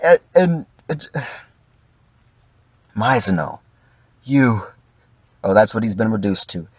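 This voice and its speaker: A man's voice: on the low side, very animated, takes it slowly, husky, no echo, dull audio. A man giving casual, profane livestream commentary, acting out quoted lines in mock voices.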